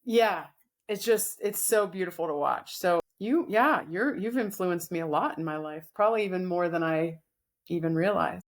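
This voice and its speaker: A woman co-hosting a podcast in casual chat, reflective and gentle, often restarting her sentences. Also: fairly low pitch, normal speed. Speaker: podcast co-host.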